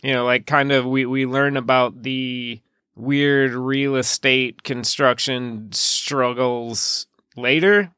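A man's voice: mid-range voice, steady tone, slow, bright, forceful tone, smooth, no room sound, clean studio sound. A man co-hosting a podcast, chatting casually about a film in a meandering way and trailing off mid-thought. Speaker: podcast co-host. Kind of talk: casual film-discussion chat.

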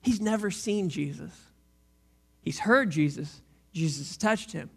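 A pastor preaching a sermon in a casual, animated way, full of slang and playful asides. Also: medium pitch, moderate pace, creaky. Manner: animated, conversational storytelling with slang; shifts into a quiet, reflective tone late on.

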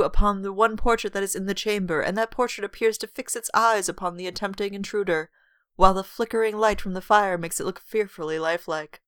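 A woman's voice: fairly low pitch, a bit bright. A woman co-hosting a podcast, reading a gothic novel aloud with dramatic weight and breaking in with wry jokes. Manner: dramatic read-aloud broken by wry asides.

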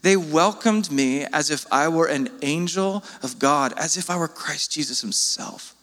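A man delivers a sermon in an earnest, pleading way, his voice leaping upward as he presses each point. His voice sits a little high for a man. The sound hangs in the long reverb of a church hall. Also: a little slow, fairly bright tone. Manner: earnest, pleading, with sudden rises in pitch. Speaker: pastor.

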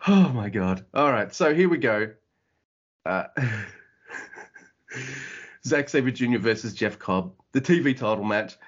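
A man co-hosting a podcast, chatting casually in an animated way, swearing and acting out quotes. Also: medium pitch, unhurried, long pauses. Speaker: podcast co-host. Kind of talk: casual chat. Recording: dull lo-fi audio.

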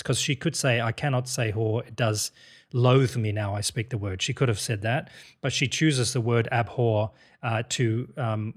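A man's voice: mid-range voice, slightly rough. A man coaching an actor through a Shakespeare speech, explaining rhythm and word choice. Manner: encouraging, analytical, many restarts. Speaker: acting coach.

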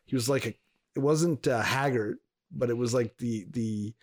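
A man of ordinary pitch co-hosting a casual podcast chat. He rambles through a story, restarting his sentences as he goes. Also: moderate pace, darkish tone. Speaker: podcast co-host.

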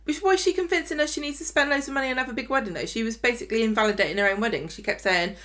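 A woman's voice: fairly high pitch, racing, a bit bright. A woman co-hosting a podcast, chatting casually about a soap opera, opinionated and full of rhetorical questions. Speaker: podcast co-host.

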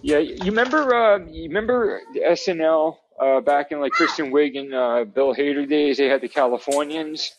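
A man's voice: on the high side, normal speed, hardly any pauses, highs cut off, a little hiss or hum. Easygoing New Jersey man, rambling. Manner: rambling, filler-heavy, easygoing. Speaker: podcast host. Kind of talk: casual chat.

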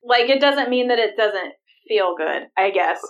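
A woman's voice: a little high, unhurried, recorded from a distance, lo-fi sound. A woman co-hosting a podcast, chatting casually and giggling often. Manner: giggly, relaxed commentary. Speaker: podcast co-host. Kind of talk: casual chat.

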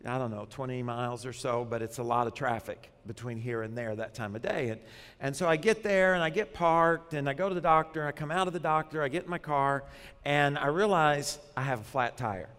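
A man who grew up in Arkansas, preaching a sermon in a lively, conversational way with bits of humor. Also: medium pitch, a little fast, smooth, big-room sound. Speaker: pastor.

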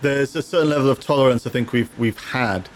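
Halting man chatting casually. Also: mid-range voice. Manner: halting, restarts with repeated words. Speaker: co-host reading viewer comments. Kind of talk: casual gaming podcast chat.

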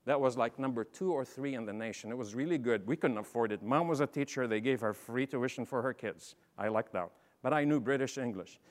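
A man's voice: medium pitch, brisk, few pauses. A middle-aged man, telling humorous stories to an audience as a keynote speaker and acting out the dialogue. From Lebanon. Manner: animated, humorous, acts out dialogue. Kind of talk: storytelling talk to an audience. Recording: long reverb in a large hall.

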